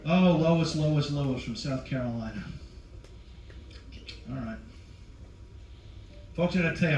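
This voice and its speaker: A man's voice: a little high, a little slow, pauses often, a little mellow, echoey room, far from the mic, lo-fi sound, a little hiss or hum. A man in his forties doing stand-up on a cruise ship, brashly teasing the live audience. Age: 40s. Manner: brash, teasing, talks to the crowd. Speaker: stand-up comedian. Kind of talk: stand-up comedy with crowd work.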